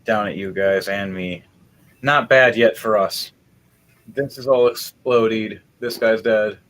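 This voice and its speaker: Animated man running a tabletop game. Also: takes it slowly, rough recording. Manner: animated, swings between loud bursts and low muttering. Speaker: game master.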